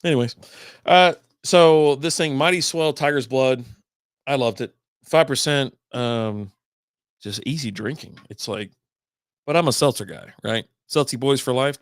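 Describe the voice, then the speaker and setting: A middle-aged man hosts a casual beer livestream from home. He rambles and swears freely at an ordinary pitch. His voice sits close and dry on the mic. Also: unhurried, smooth, no room sound. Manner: rambling, profane, chatty. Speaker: beer podcast host.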